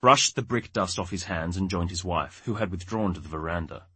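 A man narrating an audiobook in a measured, wry storytelling manner. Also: low voice, bright, forceful tone, husky, no echo. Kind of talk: scripted narration.

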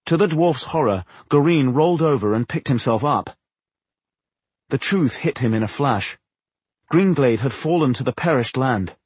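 Give me a male audiobook narrator with a husky voice, telling a fantasy tale expressively. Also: mid-range voice, moderate pace, no room sound. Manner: expressive storytelling.

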